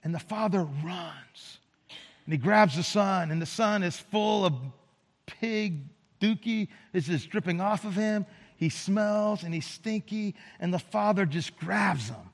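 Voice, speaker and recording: A man's voice: sits high, a little slow, long reverb tail. A male pastor preaching a sermon in a casual, conversational way, often repeating words and asking "right?". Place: church sanctuary.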